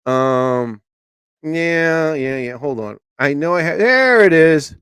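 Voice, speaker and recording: Excitable rambling man on a live stream. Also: fairly high pitch, takes it slowly, noisy background. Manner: rambling, excitable, swears casually, says "man". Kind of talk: casual live stream chat.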